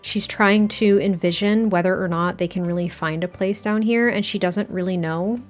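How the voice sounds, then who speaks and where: A woman's voice: on the low side, fairly even intonation, moderate pace. A young woman who hosts the channel, telling a life-sim game story in a chatty, casual way, full of fillers and fond asides. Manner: chatty, filler-heavy, doting. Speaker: gameplay narrator.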